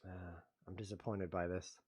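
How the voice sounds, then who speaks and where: A man hosting his own show, commentating his chess games with playful mock-outrage, muttering one moment and loudly protesting the next. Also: low voice, flat delivery, normal speed, slightly rough. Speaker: host. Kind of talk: live chess game commentary.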